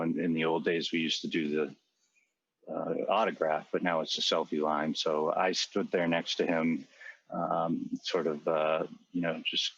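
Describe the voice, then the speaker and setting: A man's voice: deep voice, a bit bright, dull audio. A middle-aged man telling a long personal story in a rambling, earnest way, with many fillers and restarts. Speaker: podcast co-host. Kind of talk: conversational storytelling.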